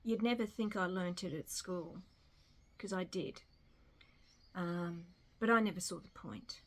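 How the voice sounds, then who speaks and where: A woman's voice: fairly low pitch, unhurried. An Australian woman talking casually to camera at home in a rambling, self-deprecating way. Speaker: vlogger. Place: home in Melbourne.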